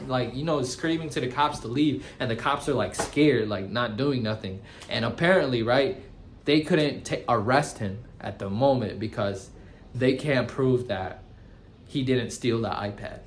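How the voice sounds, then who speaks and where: A young man in his twenties tells shop stories in loose, slangy vlog talk, full of "bro" and "guys." His voice sits at an ordinary middle pitch. A faint hum sits behind him. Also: a little slow. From United States. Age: 20s. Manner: slangy and animated, says bro and guys a lot. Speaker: tattoo shop owner. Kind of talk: casual storytelling vlog.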